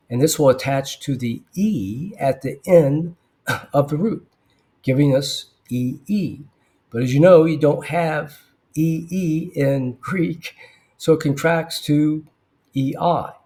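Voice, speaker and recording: A man explains biblical Greek grammar verse by verse in an unhurried, deliberate lesson. His voice sits at an ordinary middle pitch, and he pauses often with fillers and throat clearing. Now and then he drops in a dry aside. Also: darkish tone. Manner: slow, thoughtful, with frequent fillers and throat clearing. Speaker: Bible Greek teacher.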